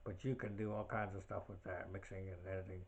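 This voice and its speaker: A man's voice: low voice, flat delivery, fast, creaky, a little hiss or hum. A man hosting his own podcast in a casual, rambling way, full of fillers and side tangents. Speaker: podcast host. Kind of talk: casual solo podcast chat.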